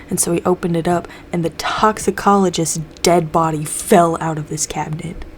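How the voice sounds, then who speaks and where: A young woman chats through a TV episode recap in a loose, profane way, jumping into the characters' lines as she goes. Her voice sits a little low, and a faint hiss of background noise runs under it. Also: steady tone, normal speed. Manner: loose, swears a lot, acts out characters' lines. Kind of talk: casual recap chat.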